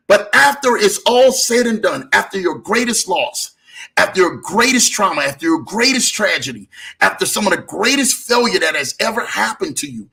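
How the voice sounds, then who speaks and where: A man's voice: sits high, sing-song, moderate pace, vocal fry, pushed and bright. A man hosting a motivational broadcast, exhorting listeners in a repetitive, preaching rhythm. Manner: repetitive, rising and falling exhortation. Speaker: motivational show host.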